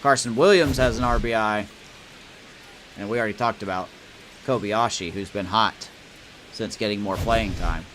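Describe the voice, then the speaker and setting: A man's voice: fairly low pitch, normal speed, pauses often, fairly bright tone, a little hiss or hum. A man casually commenting on his baseball video game, chatty and self-deprecating, reacting to each play. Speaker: gamer playing a baseball franchise mode.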